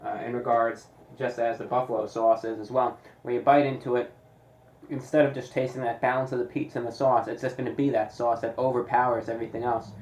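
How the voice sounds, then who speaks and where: A man reviewing pizza in a deliberate, casual way, with dry sarcastic asides. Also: mid-range voice, little pitch movement, a little mellow, echoey room, slight background noise, low-quality recording. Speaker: food reviewer.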